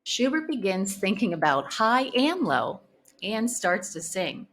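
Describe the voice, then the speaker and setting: A woman reads a children's storybook aloud, clear and expressive. Her pitch moves in lively swings and she takes an unhurried, slow pace. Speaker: storybook reader.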